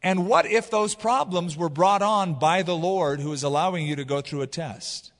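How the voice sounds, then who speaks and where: A man preaching a sermon as pastor, retelling scripture in a casual, animated way. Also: high voice, moderate pace, in a large hall. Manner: casual, animated storytelling with paraphrase.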